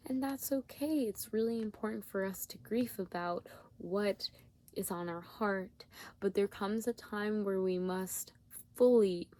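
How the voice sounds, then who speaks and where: Sleepy woman doing a tarot reading, soft and gentle, lots of um and you know. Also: medium pitch. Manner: gentle, repetitive, searching phrasing with many fillers. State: yawning, tired. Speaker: tarot reader.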